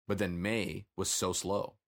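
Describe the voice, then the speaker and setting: A man co-hosting a casual business chat over a video call, talking in a reflective, halting way about his sales. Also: deep voice, level tone, fairly bright tone. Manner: reflective, halting, with frequent restarts. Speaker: business owner and podcast co-host.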